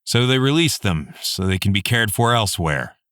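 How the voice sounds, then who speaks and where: A matter-of-fact male bodyguard explaining the facts, in a male narrator's own deep voice. Low, dry and close to the mic. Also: very animated, normal speed, fairly bright tone, no room sound.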